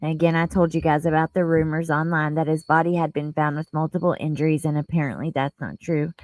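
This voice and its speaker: A woman's voice: low-pitched, fairly even intonation, quick pace, darkish tone, no echo, poor audio. A woman hosting a casual livestream, talking to her viewers in an earnest, openly emotional and chatty way as she goes through news and reads the chat. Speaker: livestream host.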